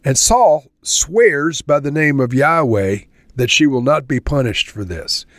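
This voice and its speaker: A man's voice: a little high, expressive, unhurried, no room sound. Earnest man explaining scripture, dry sound. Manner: conversational, earnest, reads verses aloud then explains; ends in spoken prayer. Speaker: Bible teacher. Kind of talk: verse-by-verse Bible commentary.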